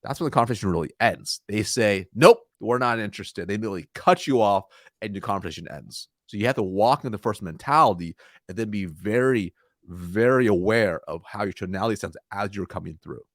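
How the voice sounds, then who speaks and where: A man answering interview questions about sales calls, energetic, acting out timid and confident voices. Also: fairly quick, no room sound, studio quality. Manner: energetic, demonstrates weak and confident tones by shifting his pitch. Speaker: sales consultant, guest.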